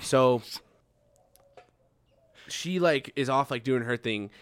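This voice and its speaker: A man's voice: mid-range voice, slow, clean tone, no echo. A young man telling a long story in casual podcast chat, swearing freely and acting out how he reacted back then. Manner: swears often, acts out his own past reactions.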